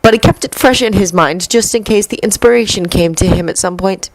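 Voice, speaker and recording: A woman narrating a story with a steady, measured reading. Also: mid-range voice, no echo, rough recording. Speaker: reader. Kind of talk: storybook narration of fan fiction.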